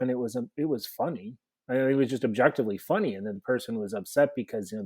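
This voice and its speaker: A man's voice: mid-range voice, darkish tone. A man co-hosting a podcast, explaining mock trial technique in a coaching, conversational way. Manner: explanatory, coaching tone with rhetorical questions.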